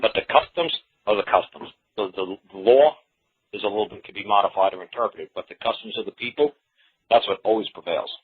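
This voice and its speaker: A man's voice: fairly low pitch, a little fast, breathy edge. Folksy man lecturing over a tinny line. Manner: folksy, repetitive, acts out quoted exchanges. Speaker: common law lecturer. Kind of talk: casual teaching talk. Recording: tinny phone-line audio.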